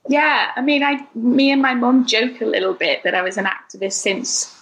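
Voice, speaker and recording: A woman from Liverpool with a softened Scouse accent, a podcast guest chatting warmly and laughing easily, speaking from a flat by a busy road. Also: on the high side, moderate pace, low-quality recording. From Liverpool, England. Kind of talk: casual interview chat.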